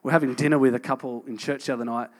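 A man in his thirties preaching a sermon as a pastor, in a conversational, earnest way, moving from emphatic points to soft, intimate passages. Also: medium pitch, steady tone, racing.

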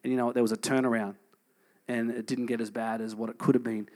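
A man in his thirties preaching a sermon as a pastor, in a conversational, earnest way, moving from emphatic points to soft, intimate passages. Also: medium pitch, level tone, fast talker.

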